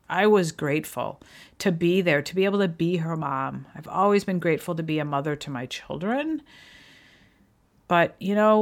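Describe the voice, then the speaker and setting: A middle-aged woman hosting a solo podcast, speaking earnestly and encouragingly to her listeners. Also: low-pitched. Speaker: podcast host. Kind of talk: reflective solo podcast talk.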